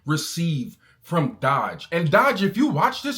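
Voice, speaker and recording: A man's voice: fairly high pitch, huge pitch swings, takes it slowly, fairly bright tone. A man in a casual vlog, ranting angrily and talking in slang, calling his listener bro. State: angry. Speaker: car owner vlogger.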